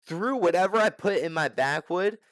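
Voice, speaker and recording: Animated slangy young man telling a story. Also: high voice, moderate pace, dry recording. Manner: animated, slangy and profane, with frequent restarts. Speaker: channel host. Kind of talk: casual storytelling to the camera.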